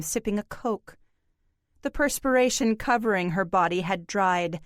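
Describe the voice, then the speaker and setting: The clip is a woman's scripted audiobook narration, even and measured in delivery. Her voice is mid-range and the audio is studio quality without any echo.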